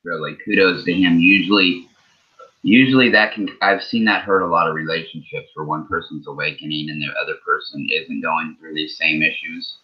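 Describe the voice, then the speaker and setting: A man's voice: extremely low pitch, fairly even intonation, a little fast. A man hosting a casual interview, agreeing with his guest and adding his own remarks. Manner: affirming, chimes in with agreement. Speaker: host. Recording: dull lo-fi audio.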